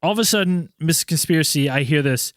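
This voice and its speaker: A man hosting a casual podcast, telling a story in an animated way with lots of swearing. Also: fairly high pitch, quick pace, no echo, studio quality. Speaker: podcast host.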